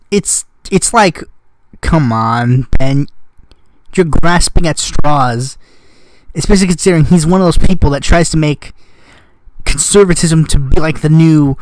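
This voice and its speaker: A man's voice: fairly high pitch, no echo. A man vlogging in casual commentary, sarcastic and rambling, often correcting himself mid-sentence.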